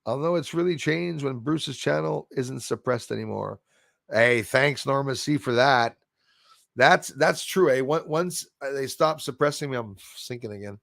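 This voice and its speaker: A man with a gravelly, creaky voice chats loosely on a live stream, greeting viewers one by one and reading their comments aloud. He is recorded close and dry, with no room sound around him. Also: mid-range voice, normal speed, a bit bright, no echo. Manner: rambling, greets viewers and reads chat aloud. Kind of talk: casual live stream chat.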